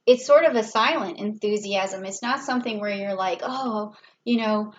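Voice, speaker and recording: A woman's voice: medium pitch, moderate pace, a little hiss or hum, low-quality recording. A woman giving a casual tarot reading, talking it through in a chatty way with fillers and small laughs. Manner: chatty, thinks aloud with fillers and little laughs. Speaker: tarot reader.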